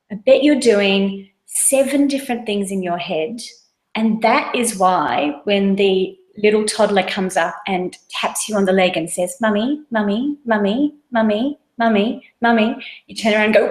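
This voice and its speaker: A woman in her thirties talks earnestly and conversationally, like a guest teaching a webinar. Her mid-range voice sits in a roomy space with noticeable echo. She explains ideas through plain everyday examples. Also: mid-range voice. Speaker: mindfulness course guest. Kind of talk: casual webinar talk.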